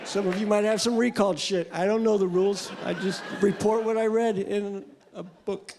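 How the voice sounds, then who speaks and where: A male stand-up comedian doing a crude, deadpan, rambling set on a club stage into a handheld mic. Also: high voice, normal speed. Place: comedy club stage before a live audience. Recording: live club with loud crowd noise.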